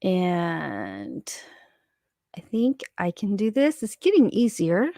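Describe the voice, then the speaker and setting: A woman's voice: on the low side, huge pitch swings, slow pace, vocal fry, mellow, no echo, clean studio sound. Chatty woman hosting a home livestream. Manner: chatty, reads viewer comments aloud. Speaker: livestream co-host. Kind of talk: casual livestream chat. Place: her home.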